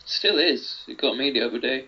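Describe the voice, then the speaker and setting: A man's voice: medium pitch, moderate pace, sharp tone. A man co-hosting a casual podcast, joking and laughing often. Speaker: podcast co-host. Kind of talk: casual chat. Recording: dull lo-fi sound.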